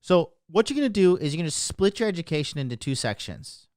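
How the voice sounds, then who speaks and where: A man's voice: fairly high pitch, very animated, fast, a little mellow, no room sound, clean studio sound. A man coaching on dating, ranting on a livestream to his chat in a brash, boastful and mocking way, punctuating points with "okay?". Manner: emphatic, keeps asking "okay?".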